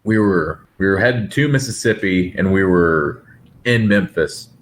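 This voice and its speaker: A man who is a guest on a podcast, telling a story in a relaxed, plain-spoken way. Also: low voice, unhurried, slight background noise. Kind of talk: casual conversation.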